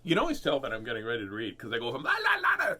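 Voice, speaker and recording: A man's voice: mid-range voice, wildly swooping pitch, very fast, sharp tone. A man hosting a casual live read-aloud of children's books, playful and goofy, often laughing at himself. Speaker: host reading children's books.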